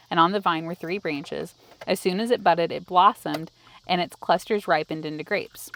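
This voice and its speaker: A pregnant young woman co-hosting a casual Bible teaching from a parked car. She reads scripture aloud and adds friendly commentary, and she sounds hot and a bit tired. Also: on the low side. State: pregnant and overheated. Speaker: ministry co-host.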